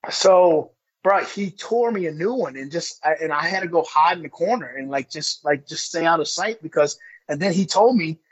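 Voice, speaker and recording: A man's voice: on the high side, lively intonation, normal speed, breathy edge. A man in his forties, a former pro wrestler, casually telling a story as a guest, swearing and saying "bro" a lot. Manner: profane, rambling, says "bro" a lot. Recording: dull lo-fi audio.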